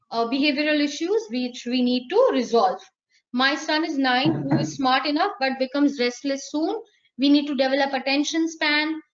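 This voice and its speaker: Woman, high voice, lively teacher, dull lo-fi audio. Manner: animated, acts out examples. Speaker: teacher trainer. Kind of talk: online lecture answering questions.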